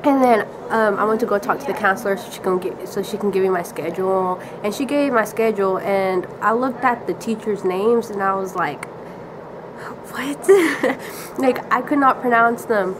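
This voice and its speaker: A woman's voice: mid-range voice, moderate pace, few pauses, noisy background. A teenage girl casually telling a rambling story with lots of "like" and giggles. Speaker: vlogger.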